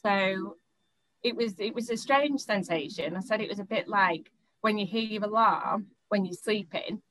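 Halting young woman recounting events. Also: medium pitch, fairly bright tone, poor audio. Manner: halting, frequent restarts and repeated words. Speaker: interviewee. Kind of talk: personal account in an interview.

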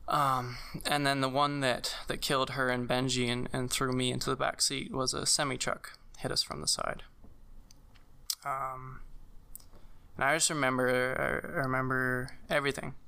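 A young man telling a personal story in casual conversation, halting, with many fillers and restarts. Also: mid-range voice, flat delivery, vocal fry, pushed and bright, clean tone. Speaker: guest sharing a personal story.

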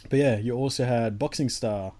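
A man's voice: mid-range voice, normal speed, mellow. A man co-hosting a podcast, chatting casually about games in a laid-back, joking way with some swearing. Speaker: podcast co-host.

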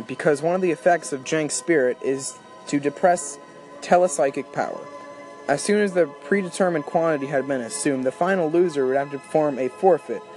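A man narrates a novel at a steady, even storytelling pace. His voice sits slightly high for a man. Quiet music runs faintly behind the reading. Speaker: audiobook reader. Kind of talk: audiobook narration.

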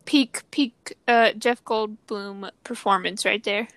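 A woman's voice: mid-range voice, fairly even intonation, takes it slowly, fairly bright tone. A woman co-hosting a podcast, playful and teasing in casual chat. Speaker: podcast co-host.

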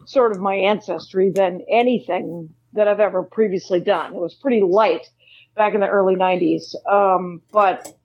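A woman in her fifties, a working comedian, chats as a podcast guest. She speaks bluntly and matter-of-factly, with a reassuring edge, at a middle pitch with a dry, close sound. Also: steady tone, normal speed, no room sound, muffled recording. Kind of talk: casual interview chat.

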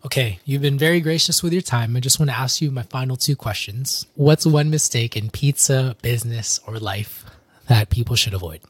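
A man's voice: mid-range voice, normal speed, husky, no room sound. A man hosting a podcast, asking questions in an encouraging, supportive manner. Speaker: podcast host. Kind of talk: casual podcast interview.

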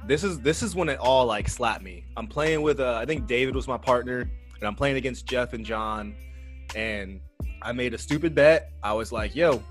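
A young man co-hosting a podcast, telling a party story in a casual, animated, profane way. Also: mid-range voice. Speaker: podcast co-host.

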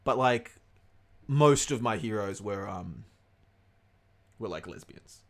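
A man in his thirties co-hosting a podcast, chatting casually and telling animated stories, swearing freely. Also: fairly low pitch, slow. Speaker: podcast co-host. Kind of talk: casual chat.

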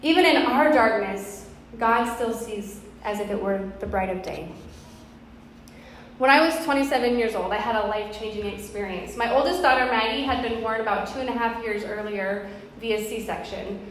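A woman's voice: a little high, moderate pace. A woman pastor in her thirties preaching a sermon, telling a personal story in an earnest, conversational way. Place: church sanctuary. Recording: very echoey hall with faint background noise.

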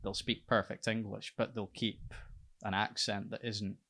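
A Scottish man in his twenties, a podcast guest in casual chat, talking in a dry, halting, self-mocking way. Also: on the low side, level tone, pushed and bright. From Scotland. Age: 20s.

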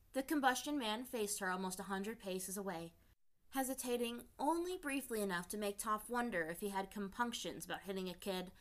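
A woman reading fan fiction aloud in a steady storytelling voice. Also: mid-range voice. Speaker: reader.

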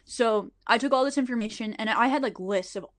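A woman's voice: a little high, brisk, fairly bright tone. A young adult woman telling a story on a podcast in a casual, profane way, saying "like" often. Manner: chatty, profane, heavy use of "like". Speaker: podcast host.

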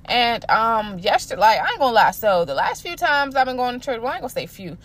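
Chatty young woman, slightly high voice. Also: fast talker. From Maryland, USA. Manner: chatty, animated storytelling with slang and laughs. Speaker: podcast host. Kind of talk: casual solo podcast talk.

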